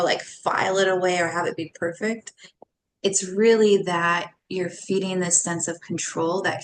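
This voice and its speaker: A woman's voice: lowish voice, a little hiss or hum. A woman in her thirties, a guest on a podcast, talking casually and animatedly and laughing often between thoughts. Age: 30s. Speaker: podcast guest, somatic coach. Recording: roomy echo with faint ambience.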